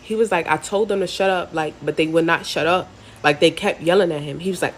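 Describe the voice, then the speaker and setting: A young woman with a slightly low voice tells a casual storytime in loose, slangy talk full of "like" fillers. She is animated as she tells it, and a faint noise sits under her voice. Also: a little fast. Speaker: storyteller recalling time in prison.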